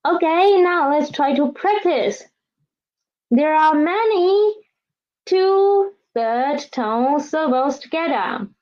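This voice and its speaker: Slow, lilting woman teaching vocabulary. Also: sits high, lively intonation. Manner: repeats each word twice, drawn-out careful pronunciation. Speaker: Chinese language teacher. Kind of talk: slow classroom instruction with read-after-me drills. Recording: dull lo-fi recording.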